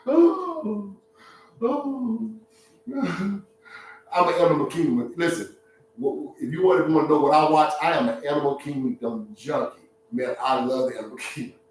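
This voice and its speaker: Speaking a little slowly in a slightly high, mellow voice, a man hosts a casual live-stream monologue as a social media talk host. He laughs often, cracks jokes, and acts out voices. He's distant from the mic in an echoey room, with a little hiss or hum.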